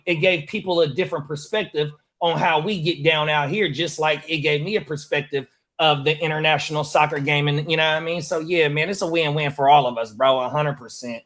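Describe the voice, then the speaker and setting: A man's voice: fairly high pitch, a bit bright. A man hosting a sports watch party in casual, profane, hyped-up chat. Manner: hyped, slangy, swears a lot.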